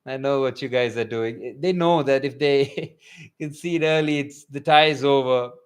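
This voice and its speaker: A young man's clean-toned, medium-pitched voice carries live match commentary for a fan watchalong at a measured pace. He's excitable, veering from calm play-by-play into loud bursts.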